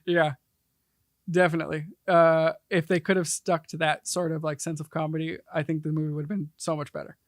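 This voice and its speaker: A man in his thirties co-hosting a podcast, easygoing and quick to laugh. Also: on the high side, flat delivery, dry recording, clean studio sound. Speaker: podcast co-host, producer. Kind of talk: casual podcast chat.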